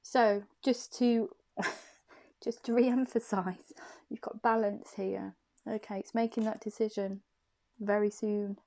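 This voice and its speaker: A woman's voice: medium pitch, steady tone, slow pace, mellow. A woman giving an intuitive tarot card reading to camera. She talks in a soothing, reassuring way and often repeats her phrases and questions.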